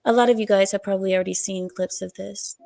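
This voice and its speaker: A woman hosting a livestream, chatting casually and reading out viewer comments in an animated, talkative way. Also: medium pitch, fast talker, vocal fry, no room sound. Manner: chatty, animated, breaks into silly voices and laughs. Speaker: livestream host.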